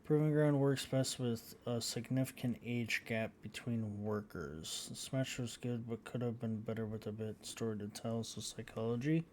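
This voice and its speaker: A man giving casual gameplay commentary as a channel host, reading out results haltingly with frequent fillers. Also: medium pitch, steady tone, darkish tone, slight background noise. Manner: halting, reads out scores with many fillers.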